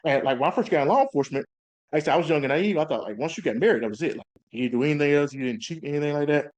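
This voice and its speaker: Fast-talking man telling animated stories. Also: fairly high pitch. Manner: animated storytelling, acts out quotes. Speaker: guest, police officer. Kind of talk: casual interview talk.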